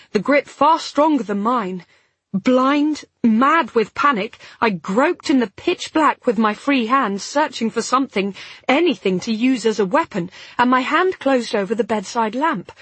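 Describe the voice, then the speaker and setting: A woman's voice: on the high side, a bit bright, breathy edge, dry recording. A woman narrating a novel in the first person with a tense, dramatic delivery. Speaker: audiobook narrator.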